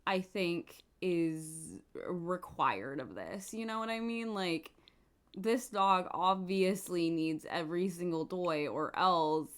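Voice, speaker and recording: A young adult woman giving casual, bubbly commentary while playing a life-sim game, gushing with quick asides and giggles. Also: on the low side, clean tone. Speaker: gaming YouTuber.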